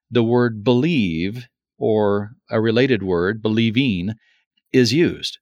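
A man's voice: on the low side, slow, a little mellow, no room sound, studio quality. A man in a conversational Bible discussion, speaking in an earnest, reflective way and repeating words for emphasis. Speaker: Bible teacher.

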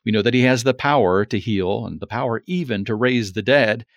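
A man's voice: mid-range voice, fairly quick, dry recording. A man in a conversational Bible discussion, speaking in an earnest, reflective way and repeating words for emphasis. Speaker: Bible teacher.

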